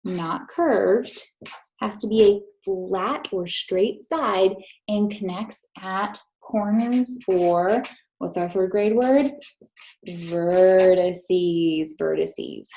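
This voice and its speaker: A woman's voice: mid-range voice, darkish tone, low-quality recording. A woman teacher giving a recorded math lesson to third graders, patient and encouraging, speaking straight to her students.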